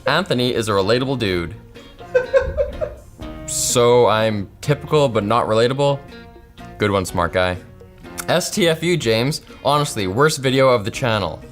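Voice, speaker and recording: A man's voice: medium pitch, animated, normal speed, a bit bright, soft background music. Man with sarcastic comebacks. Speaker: staff member reading viewer comments. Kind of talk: casual reading aloud with reactions.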